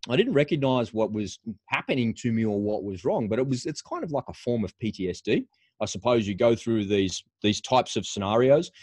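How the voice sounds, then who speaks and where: A man's voice: medium pitch, darkish tone, dry recording. Middle-aged male podcast guest, mid-range voice, candid conversational storyteller, dry studio. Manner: frank, conversational, restarts phrases often. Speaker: podcast guest, former paratrooper.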